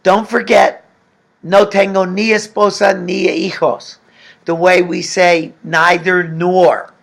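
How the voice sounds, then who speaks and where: A man's voice: high voice, little pitch movement, takes it slowly, creaky, fairly bright tone. A man teaching a recorded language lesson, patiently explaining and asking the class questions. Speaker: Spanish teacher.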